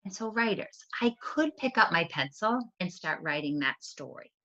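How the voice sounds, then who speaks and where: A woman teacher on a video call, telling a story in an animated storyteller voice for a writing lesson. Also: on the low side, moderate pace. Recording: dull lo-fi sound.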